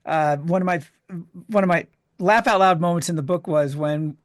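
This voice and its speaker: A man's voice: on the high side, normal speed, no echo, clean studio sound. A man hosting a podcast, mostly giving short agreeing replies and laughing easily. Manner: brief agreeing interjections, easy laughs. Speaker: podcast host. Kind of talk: casual podcast interview.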